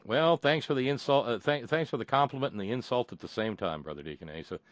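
A man's voice: mid-range voice, fast talker, no echo, studio quality. A man hosting a call-in talk radio show, rambling and sardonic, with stammering restarts.

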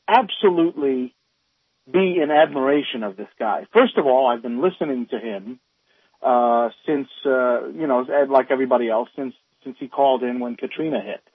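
A man calling into a radio talk show, speaking in a halting, heated way full of restarts. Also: medium pitch, slightly rough, no echo. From northern United States. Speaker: caller. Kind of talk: call-in radio comment. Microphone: phone. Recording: tinny phone line.

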